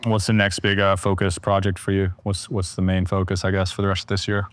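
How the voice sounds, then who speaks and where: A man's voice: deep voice, monotone, a little fast. A male podcast host chatting casually, keeping his replies short, easygoing and agreeable.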